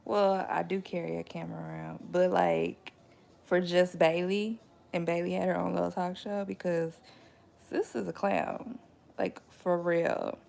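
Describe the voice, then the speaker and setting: A young woman, a mother, casually telling her viewers a story in a chatty, animated way, often laughing and jumping up high when she quotes. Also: measured pace, gravelly. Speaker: vlogger and mother.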